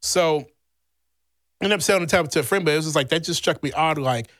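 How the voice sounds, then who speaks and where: A man from Louisiana, a podcast host, telling a rambling, animated personal story in casual chat, swearing freely. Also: fairly high pitch, quick pace, no echo, clean studio sound. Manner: heavy swearing, blunt and animated; rambling with many fillers.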